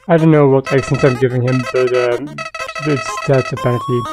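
A woman's voice: extremely low pitch, fairly even intonation, normal speed. A woman chatting casually as she plays a video game, rambling with lots of fillers, game music under her voice. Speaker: gaming youtuber.

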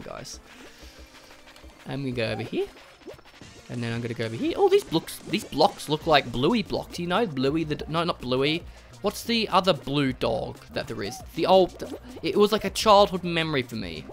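Gaming commentary, excitable and sweary, bright voice, pitch jumping all over. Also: moderate pace, gravelly, faint music behind. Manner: excitable, swearing, swings from mutters to shrieks. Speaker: gaming channel host. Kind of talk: let's play commentary.

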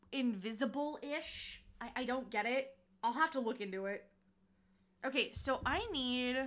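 A woman's voice: high-pitched, sharp tone. A woman livestreaming from home while she crochets, chatting playfully with her audience, cooing at her cat and swearing casually. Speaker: streamer.

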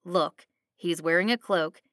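An earnest young male adventurer lays out his plan in a lowered, measured voice, as a woman narrator puts him on. He speaks calmly and with resolve. The sound is close and dry. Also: no room sound. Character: earnest young man adventurer, calm and determined.

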